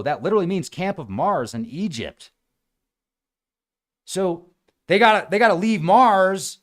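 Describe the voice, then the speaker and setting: A man hosting a casual livestream, talking in an animated way and acting out other people's voices now and then. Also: mid-range voice. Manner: animated, acts out quoted voices. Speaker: host.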